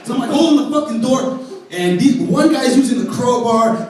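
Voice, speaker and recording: Animated, profane stand-up storyteller, a man. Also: very high-pitched, moderate pace, slight background noise. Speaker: stand-up comedian. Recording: echoey room, distant mic.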